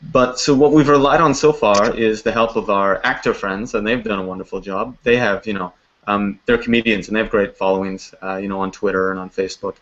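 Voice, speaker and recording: A man's voice: on the low side, steady tone, a little fast, fairly bright tone. A man who makes a web series, talking in a video call interview in an upbeat, chatty way with lots of fillers. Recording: dull lo-fi call audio.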